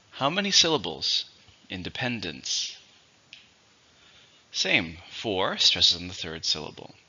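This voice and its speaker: An English teacher with a very deep voice but a sharp, bright tone teaches vocabulary, dictating syllables and stress slowly and clearly. He's patient throughout, though the recording sounds dull and lo-fi.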